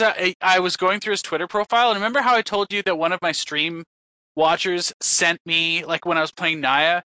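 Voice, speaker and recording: A man's voice: a little high, bright, forceful tone, no echo. A man who streams, telling a story in a casual podcast chat. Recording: dry, slightly dull audio.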